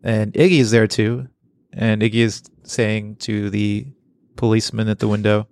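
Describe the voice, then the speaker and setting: A man's voice: on the low side, flat delivery, normal speed, gravelly, a little mellow, clean tone, no echo. A man co-hosting a casual podcast, reading comic strips aloud and laughing often. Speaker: podcast co-host. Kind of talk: casual chat.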